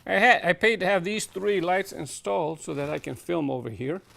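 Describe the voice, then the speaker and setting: A man's voice: high voice, animated, normal speed, gravelly, pushed and bright. A man casually walking through his toy car collection, rambling and thinking aloud with lots of fillers. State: out of breath. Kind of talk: casual walk-through vlog. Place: home warehouse room.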